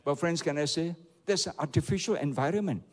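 A man's voice: a little high, a little fast, big-room sound. A man with a Malaysian English accent, a pastor preaching a sermon and often calling on the congregation to respond. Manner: rhetorical, repeatedly asks the audience for replies.

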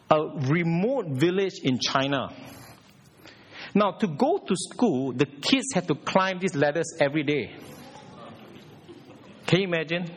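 At a church service, a man preaches emphatically and with animation, asking the congregation direct questions. His voice is fairly high-pitched and husky.

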